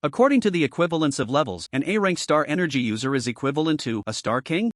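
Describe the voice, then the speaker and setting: Animated male recap narrator. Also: a little high, fast, few pauses, no echo, studio quality.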